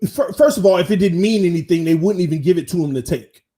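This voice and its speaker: A man's voice: high voice, fast talker. A man hosting his own sports channel, chatting casually and slangily to viewers on a live stream. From Florida. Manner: animated, talks straight to viewers, slangy.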